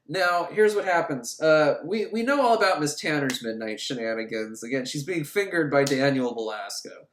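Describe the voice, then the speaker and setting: Lively rambling comic film recapper. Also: mid-range voice, moderate pace, hardly any pauses, reverberant, faint music behind. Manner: rambling, joking, frequent laughs.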